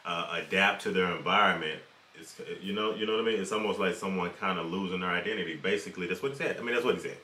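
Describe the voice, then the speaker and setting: A man with a very deep yet bright voice chats through a reaction video. He pauses, restarts and repeats himself as he works through ideas. The mic sits back in an echoey room. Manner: halting and repetitive, musing aloud. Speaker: reaction channel co-host. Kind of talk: casual reaction commentary. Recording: roomy echo, distant mic.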